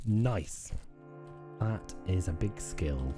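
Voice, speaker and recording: Brief: laid-back male streamer, low dark voice, faint music underneath. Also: measured pace. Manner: relaxed, offhand asides. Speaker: game streamer. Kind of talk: let's play commentary reading game dialogue.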